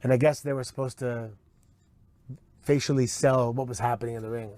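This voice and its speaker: A man's voice: mid-range voice, brisk, no echo. Man recounting a story in a dry interview. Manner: relaxed, with restarts. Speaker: interview guest. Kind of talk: casual interview.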